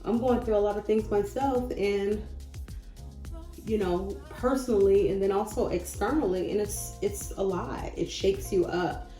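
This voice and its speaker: A woman in her thirties talking casually and encouragingly to camera about faith and change, chatty and goofy, with sudden loud bursts. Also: medium pitch, a little slow. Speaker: spiritual vlogger. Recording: echoey room with faint music.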